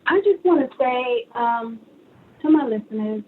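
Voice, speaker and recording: A woman's voice: fairly high pitch, unhurried. A woman from Brooklyn, New York, a guest author telling her stories in a phoned-in radio interview, acting out the voices in them. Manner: animated storyteller who acts out dialogue. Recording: tinny phone line with faint hiss.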